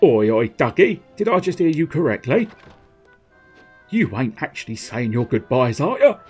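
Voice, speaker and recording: A man voicing an excitable young male miner sidekick, eager and pleading. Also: mid-range voice, moderate pace, slightly rough, faint music behind, pitched above the performer's own voice.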